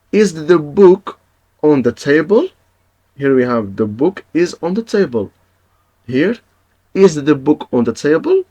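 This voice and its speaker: A man's voice: fairly high pitch, big pitch swings, slow, pauses often, darkish tone. A man teaching a Spanish lesson in English, patiently repeating each example and checking in with his viewers. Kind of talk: language lesson.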